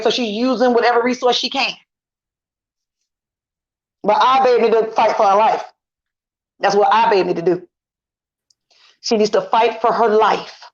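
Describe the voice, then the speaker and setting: A middle-aged woman guesting on a casual online commentary chat, talking emphatically and repeating her points as she vents. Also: on the high side. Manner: emphatic, repetitive, indignant venting. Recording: lo-fi dull audio.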